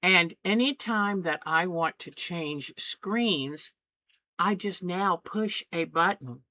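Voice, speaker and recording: A woman hosting a home crafting tutorial, talking in a slow, unhurried way. Her voice is somewhat low yet bright and forward. She chats eagerly, often breaking off one thought to start the next. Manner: chatty, eager, trails off mid-sentence. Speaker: craft channel host.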